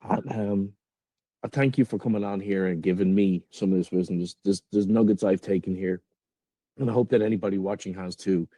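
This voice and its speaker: A man's voice: deep voice, fairly even intonation, brisk, warm tone, no echo. A man hosting a podcast, chatting casually with a longtime friend and guest. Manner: friendly, wrapping up with thanks. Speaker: podcast host.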